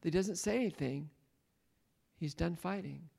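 A man's voice: fairly high pitch, normal speed, gravelly, dark tone, breathy edge. A man leading a Bible study, retelling a story and questioning his listeners, laughing often. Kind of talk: interactive Bible teaching.

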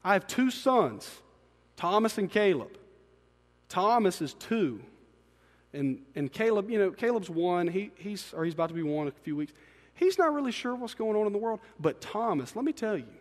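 A pastor preaches a sermon in a high, lifted voice, very animated and at a moderate pace. He shifts between quiet, confiding asides and loud, emphatic peaks, and his voice reverberates at length through a large hall.

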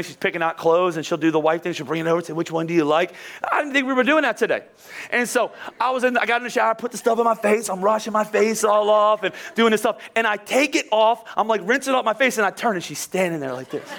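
High, bright-voiced pastor in his forties. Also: gravelly. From Philadelphia. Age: 40s. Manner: chatty, self-deprecating, frequent asides and restarts. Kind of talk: conversational sermon with personal stories.

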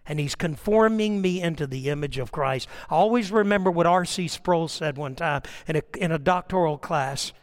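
A man's voice: a little high, moderate pace, hardly any pauses. An older man preaching a sermon, telling personal stories and building to impassioned, emphatic appeals. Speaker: pastor.

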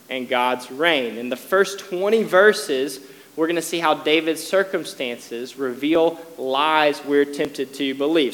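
Earnest male preacher with echoing reverb. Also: a little high. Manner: earnest, builds to loud emphatic cries when quoting scripture. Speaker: pastor. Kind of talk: sermon.

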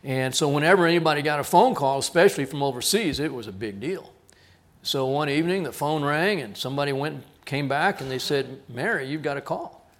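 High-voiced animated male pastor. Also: fairly quick. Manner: animated storyteller, acts out quoted voices. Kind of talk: sermon storytelling. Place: church.

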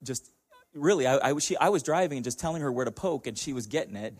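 A man's voice: mid-range voice, animated, fast talker. Talk like a middle-aged man chatting with a congregation. Keep it anecdotal and easygoing, in a medium voice with a ready chuckle. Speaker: church speaker.

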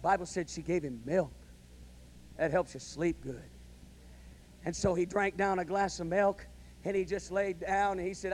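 A male pastor delivering a sermon, telling a story and building to loud, emphatic calls of amen. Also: sits high, fairly even intonation, moderate pace.

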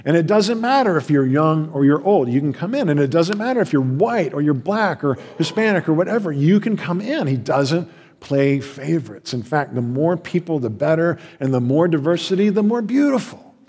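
A man preaching a sermon as a pastor, passionate, swinging between loud emphasis and hushed asides. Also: on the high side, expressive, moderate pace, husky. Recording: long hall reverb.

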